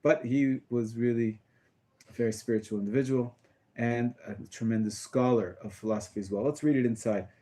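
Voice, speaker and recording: A man teaching a small class as a rabbi, talking casually about a text with halting phrasing, many fillers and restarts. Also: mid-range voice, steady tone, dark tone.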